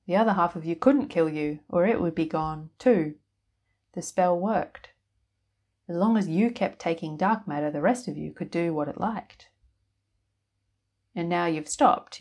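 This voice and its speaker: A weary woman who runs a laundromat and sees the future, blunt and short on patience, as a woman narrator plays her. She talks in flat, clipped orders, in a voice that sits on the low side. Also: unhurried. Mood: stern. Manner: curt, flat and commanding.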